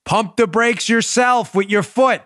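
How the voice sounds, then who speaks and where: A man's voice: high voice, unhurried, no echo, studio quality. Emphatic Queens-accented man in his forties. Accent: New York (Queens). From Queens, New York. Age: 40s. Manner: emphatic, loud, rhetorical questions. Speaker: podcast host. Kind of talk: political commentary monologue. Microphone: studio microphone.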